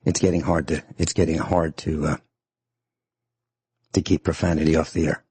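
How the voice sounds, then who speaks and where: A man's voice: extremely low pitch, flat delivery, normal speed, darkish tone, slightly rough, no echo. A man hosting a radio talk show from a studio mic, lecturing sternly and emphatically and repeating his points.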